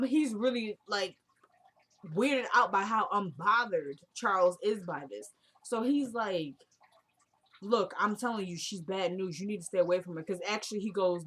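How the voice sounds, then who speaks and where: A young woman talks through a TV episode in a casual, animated way. She slips into the characters' lines as she tells it, and her voice sits at an ordinary middle pitch for a woman. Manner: animated retelling, acts out characters' lines with voice shifts. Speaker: TV recap vlogger. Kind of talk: casual recap chat.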